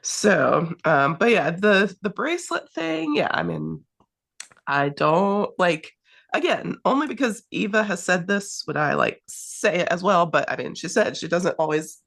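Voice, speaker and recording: Woman co-host with a gravelly fry and an animated pitch, halting and casual. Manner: hesitant, many fillers, laughing. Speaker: podcast co-host. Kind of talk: casual recap chat.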